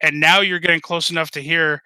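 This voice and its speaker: A man running a tabletop game as game master, narrating with halting restarts. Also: a little high, fairly even intonation, bright, forceful tone, smooth, no room sound, rough recording.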